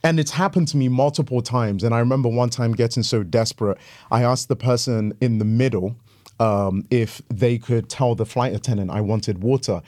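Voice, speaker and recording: An English-accented pastor talks as a guest on an interview show. He tells stories in an animated, joking way and laughs often, in an ordinary mid-range male voice. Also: medium pitch, moderate pace, dry recording, studio quality.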